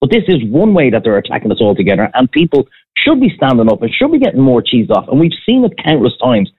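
A man's voice: mid-range voice, huge pitch swings, quick pace, breathy edge. An Irish man, a former restaurant owner, ranting bluntly in a casual chat as a podcast co-host. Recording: dry, phone-like band.

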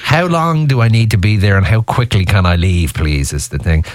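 A man's voice: fairly low pitch, expressive, moderate pace, dry recording. Chatty Irish radio host, man. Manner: chatty, jokey, stumbles over words. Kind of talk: casual radio interview. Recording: dry studio, faint music behind.

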